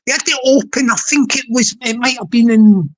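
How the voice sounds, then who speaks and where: Woman, livestream host, playful rambling chatter, fairly high pitch. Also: moderate pace. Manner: playful, rambling, talks to the chat.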